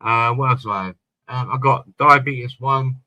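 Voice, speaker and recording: Bright-voiced man telling rambling stories. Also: mid-range voice, fairly even intonation, moderate pace, no room sound. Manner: rambling anecdotal storyteller, swears casually. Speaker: podcast panelist. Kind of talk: casual chat.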